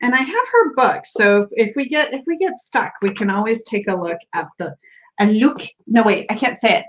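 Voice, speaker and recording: Bubbly, giggly American woman host, pitched a bit high, chatty live-stream delivery over dull lo-fi audio. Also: animated, brisk, a bit bright, a little hiss or hum. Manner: bubbly, giggly, reads viewer comments aloud. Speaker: tarot livestream host. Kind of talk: casual live-stream chat.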